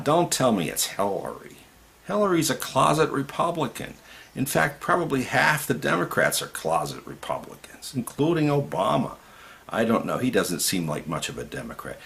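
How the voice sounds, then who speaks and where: A man's voice: mid-range voice, creaky, a bit bright. A man giving an impassioned political monologue to camera, indignant and ranting, often rising to outbursts. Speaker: video commentator.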